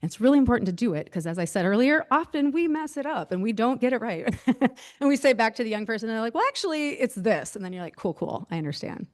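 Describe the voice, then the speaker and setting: A woman's voice: fairly high pitch, animated, fast talker, a little mellow. Woman presenter, conversational lecture delivery, filler-heavy and self-deprecating. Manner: chatty, many fillers, laughs at herself. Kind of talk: casual presentation.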